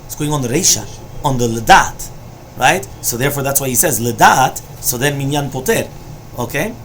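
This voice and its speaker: A man's voice: medium pitch, animated, moderate pace, a bit bright, slight background noise. A man teaching a Talmud lesson who explains each line and keeps checking with "right?" and "you understand?". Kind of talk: Talmud study lecture.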